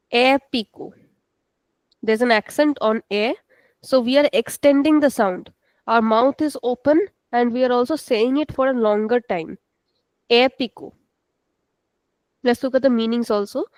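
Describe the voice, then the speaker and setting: A woman's voice: fairly high pitch, darkish tone, no room sound, rough recording. Patient woman teaching an online class. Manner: slow, patient, repeats words for students. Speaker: Portuguese language teacher. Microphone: video call.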